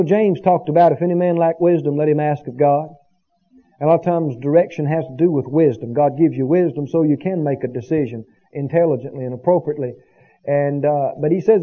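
A man's voice: a little high, highs cut off. A man preaching a sermon as pastor, building to emphatic bursts and asking the congregation for agreement. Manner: preaching with rising emphatic bursts and call-and-response asides.

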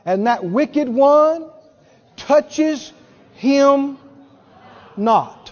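Male preacher, high and animated, deliberate pace, emphatic repetition; dull sound with long hall reverb. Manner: emphatic, repeats for effect, laughs between points. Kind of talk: sermon.

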